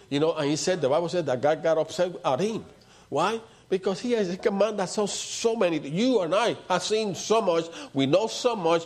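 A man preaching a sermon in a fairly high voice. He drives his points home by repeating them and pushes into loud, emphatic bursts. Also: moderate pace. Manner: emphatic, repetitive preaching with rising outbursts.

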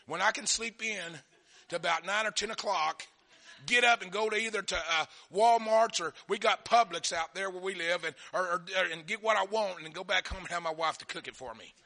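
High gravelly preacher man. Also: fairly quick. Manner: folksy storytelling, swings from quiet asides to shouted fervor. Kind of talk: sermon.

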